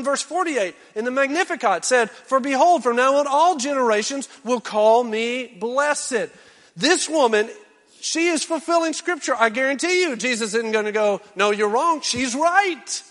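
A male pastor preaching a sermon, swinging from loud exhortation down to hushed, intense near-whispers. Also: very high voice, lively intonation, moderate pace, in a large hall.

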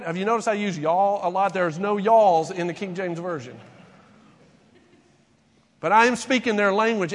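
A man's voice: high-pitched, fairly bright tone, big-room sound. A man preaching a conversational sermon as pastor, asking rhetorical questions and acting out imagined conversations. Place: church sanctuary.

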